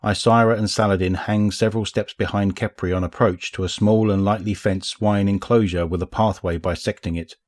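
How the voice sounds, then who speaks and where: A man with a low voice reads a story aloud as scripted narration. His delivery is measured and even, suited to an audiobook. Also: dry recording, clean studio sound. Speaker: audiobook reader.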